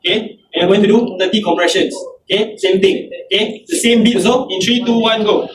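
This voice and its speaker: Male CPR instructor, high voice, heard from far off in an echoey, noisy hall. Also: brisk, few pauses. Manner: starts nearly every line with "okay", counts compressions aloud. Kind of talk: hands-on first aid class instruction. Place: indoor training hall. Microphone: far camera.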